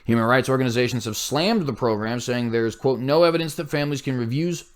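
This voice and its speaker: A man's voice: mid-range voice, fast talker, clear, resonant tone. A man hosting a commentary show, reading news aloud with blunt, scornful asides and frequent slips and self-corrections.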